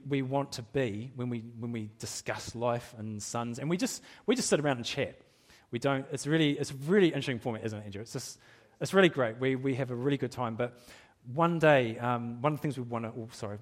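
A middle-aged man preaching a sermon in a church, candid and self-deprecating, laughing at himself and often restarting his sentences. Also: medium pitch. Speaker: pastor.

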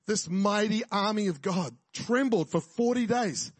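A man's voice: high-pitched, unhurried, husky, dry recording. A man preaching a sermon in a casual, jokey way, often checking in with his listeners. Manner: jokey, conversational preaching with frequent "right?" and laughs.

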